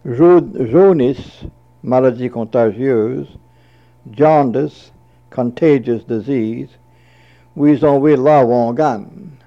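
Guy reading vocab off a list really slowly, mellow low-key voice, kinda muffled lo-fi audio. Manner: reads each word, then repeats and translates it. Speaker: language teacher reading a word list. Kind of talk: slow dictionary reading with translations. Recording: dull lo-fi recording.

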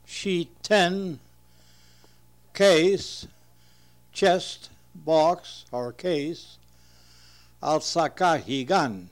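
A man slowly reading entries from an old dictionary aloud and translating them, pausing between each term. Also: on the high side. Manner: measured, deliberate, pauses between terms. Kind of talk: slow reading of word lists with translations.

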